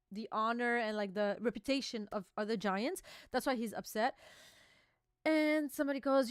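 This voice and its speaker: A woman with a fairly high, slightly bright, smooth voice reacts casually to a manga chapter, dropping filler words and the occasional swear as she reads panel dialogue aloud and then explains it. It's live reaction commentary, recorded cleanly in a studio with no echo.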